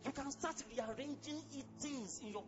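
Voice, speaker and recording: A man with a Nigerian accent preaching a sermon as pastor, fiery and exclamatory, breaking into sudden shouts. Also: very high-pitched, normal speed, muffled recording, over music.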